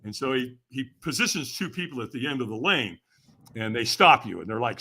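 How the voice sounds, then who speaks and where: An older man appears as a podcast guest, telling a story with energy in a mid-range voice that's animated, brisk, bright, forceful, and slightly rough. He acts out the voices of the people in it and laughs often.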